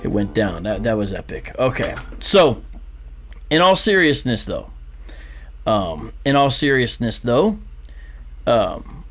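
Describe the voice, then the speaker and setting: A man's voice: mid-range voice, very animated, a little slow. A man hosting a live online show, reading viewers' chat messages aloud with fillers and laughs. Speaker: livestream show host.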